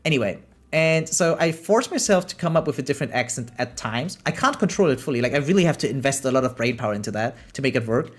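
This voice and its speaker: Lively man with a German accent. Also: mid-range voice, fast. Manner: animated, laughs often, reads chat aloud and answers it. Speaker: game streamer. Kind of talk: live gameplay commentary, chatting with viewers.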